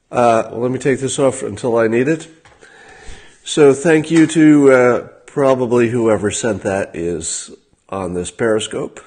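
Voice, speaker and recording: A man hosting a livestream, talking in a casual monologue with a dry, sardonic manner and frequent halting fillers. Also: fairly low pitch, darkish tone, husky. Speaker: livestream host.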